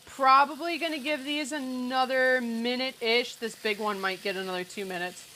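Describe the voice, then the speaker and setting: Bright chatty woman cooking live. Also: on the high side, moderate pace, low-quality recording. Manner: chatty, joking, sarcastic asides. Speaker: cooking livestream host. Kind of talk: casual live cooking chat. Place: home kitchen.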